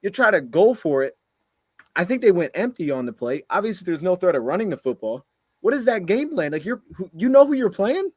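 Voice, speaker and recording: A man rants after a game at a rapid clip, his voice sitting a little high as he stacks one exasperated rhetorical question on another. The sound is dry and close, with no room around it. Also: big pitch swings, breathy edge, no echo. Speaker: sports podcast co-host. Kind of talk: heated post-game rant.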